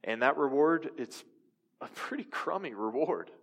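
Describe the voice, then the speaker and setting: A man's voice: a little high, lively intonation, a little slow, fairly bright tone. A young adult man preaching a sermon in a conversational style, asking his listeners questions. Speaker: pastor. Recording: reverberant hall.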